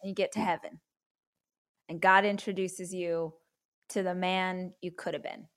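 A woman hosting a podcast, asking her guest a question in a measured, deliberate way. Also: lowish voice, flat delivery. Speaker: podcast host. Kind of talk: podcast interview.

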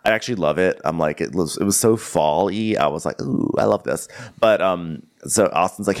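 A man's voice: low-pitched, expressive, a little fast. A man co-hosting a podcast, chatting casually, laughing often and putting on voices as he retells scenes. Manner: giggly, acts out voices of people he retells. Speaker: podcast co-host. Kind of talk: casual chat recapping a reality show.

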